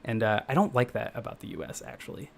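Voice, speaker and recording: A man's voice: mid-range voice, quick pace, creaky, slight background noise. A young man from the Midwestern United States, chatting casually with viewers as he codes on a live stream, rambling and correcting himself as he goes. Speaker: game developer streaming live. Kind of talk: casual live-stream chat while coding.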